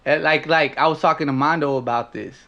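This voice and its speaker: Animated man with an LA twang. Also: fairly high pitch, fast, gravelly, lo-fi sound. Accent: Los Angeles, South Central. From Los Angeles. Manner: animated, profane, lots of fillers and restarts. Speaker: podcast co-host. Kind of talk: casual chat.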